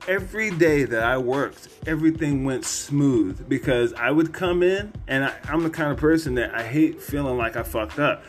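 A man's voice: mid-range voice, animated, normal speed, hardly any pauses, faint music behind. A man hosting a podcast, telling a personal story in a candid, rambling way with plenty of cursing. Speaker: podcast host.

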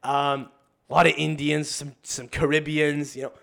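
A man's voice: fairly high pitch, flat delivery, normal speed, gravelly, a bit bright. Profane, rambling young man storyteller. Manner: acts out other people's voices in anecdotes. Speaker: podcast guest. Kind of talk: casual podcast chat.

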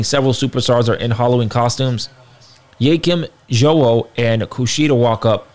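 Casual slangy man recapping a show. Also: medium pitch. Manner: loose slangy talk with fillers, asks listeners for agreement. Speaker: wrestling show reviewer.

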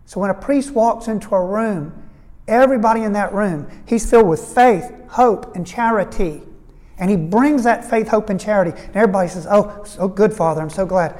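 A man's voice: sits high, moderate pace, darkish tone. A male priest giving a retreat talk, telling stories with fervent, earnest emphasis and slipping into the voices of the people he quotes. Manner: storytelling, voicing quoted people. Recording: long reverb of a large hall.

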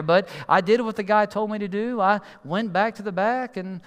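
A man doing storytelling stand-up, animated and exasperated as he acts out the people in the story. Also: sits high, normal speed, few pauses, smooth, long reverb tail.

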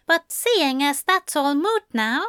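A woman reading a story, voicing a gentle, affectionate male angel who coaxes softly. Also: sits high, very animated, slow, no echo, clean studio sound, pitched above the performer's own voice, full character voice. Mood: coaxing. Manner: soft, crooning, coaxing.

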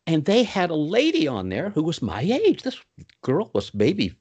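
An older man telling stories as an interview guest, animated, with sudden pitch swoops. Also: moderate pace, slightly rough, lo-fi sound. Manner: puts on Southern voices for quoted people. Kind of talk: storytelling in a podcast interview.

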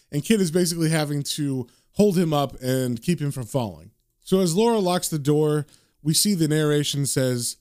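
A man recaps a comic book in a casual, chatty way. His voice is slightly higher than average. He sounds conversational and relaxed.

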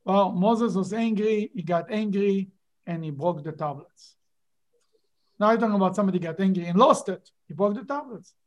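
A man's voice: high-pitched, moderate pace, muffled recording. Emphatic man teaching a Bible class. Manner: animated, emphatic, rhetorical questions. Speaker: rabbi teaching a Torah class.

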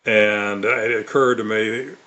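A man's voice: on the low side, fairly even intonation, unhurried, pushed and bright, highs cut off. An older man from Mississippi, telling stories in an interview as an author and evangelist. He speaks earnestly, with many fillers and restarts. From Mississippi, USA. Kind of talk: storytelling in an interview.

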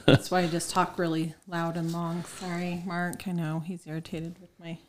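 A woman's voice: lowish voice, little pitch movement. Talkative woman over crowd chatter. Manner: talkative, self-mocking, quick bursts. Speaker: podcast guest. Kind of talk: casual podcast chat.

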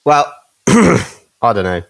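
A man's voice: big pitch swings, slow, vocal fry, fairly bright tone. A man co-hosting a podcast, laughing often and reading out odd records. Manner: laughs often, jumps up in pitch when surprised. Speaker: podcast co-host. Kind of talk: casual banter, reading oddities.

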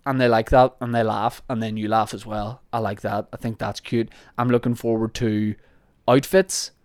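Man, Northern Irish accent, young adult, podcast host, rambling, jokey, smooth voice, dry sound. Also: fairly low pitch, little pitch movement, moderate pace, a little mellow, no echo. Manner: rambling and jokey, self-deprecating. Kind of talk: casual chat answering listener questions.

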